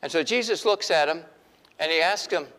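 Man, middle-aged, pastor, sermon, animated delivery, fairly high voice. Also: moderate pace, long reverb tail. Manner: animated preaching, acts out quoted voices.

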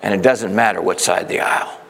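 A man preaching a sermon, telling a story in a lively way and acting out the quoted voices. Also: fairly low pitch, quick pace, gravelly, in a large hall. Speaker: pastor.

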